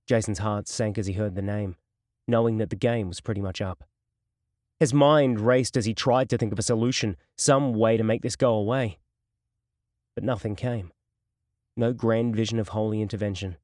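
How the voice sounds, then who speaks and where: A man narrating a crime novel audiobook in a steady, measured storytelling voice. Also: fairly low pitch, no echo, studio quality.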